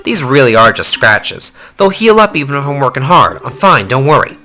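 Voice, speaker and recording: A man voicing a rough-spoken young fighter, reading game dialogue aloud with blunt, slangy talk. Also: mid-range voice, very animated, normal speed, bright, forceful tone.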